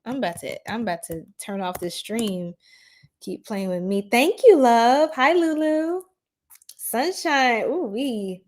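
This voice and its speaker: A woman hosts an astrology livestream and talks straight to her chat in a loose, giggly way. Her voice sits a little high, and she stretches her words out slowly. She sounds easily flustered and chatty. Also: animated. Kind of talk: casual livestream chat with viewers.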